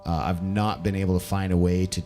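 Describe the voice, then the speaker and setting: Low-voiced man casually demoing his looper. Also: little pitch movement, a little fast, over music. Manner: loose, self-correcting, talks while playing. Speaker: live-looping musician. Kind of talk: casual gear demo. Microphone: vocal stage mic.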